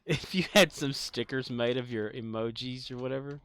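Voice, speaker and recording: A man's voice: mid-range voice, normal speed, fairly bright tone, smooth. A man chatting on a live game stream, joking loosely and laughing often. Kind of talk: casual live-stream chat.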